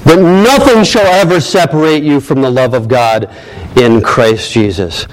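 A man's voice: mid-range voice, a little slow, slight background noise, low-quality recording. A man preaching a sermon as pastor, emphatic, repeating key phrases and asking rhetorical questions.

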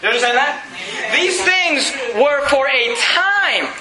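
A man preaching a sermon in a church, emphatic and animated, reading verses and breaking off for jokes and asides. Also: extremely high pitch, slow pace. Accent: non-standard accent. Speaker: pastor. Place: church sanctuary. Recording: echoey church room.

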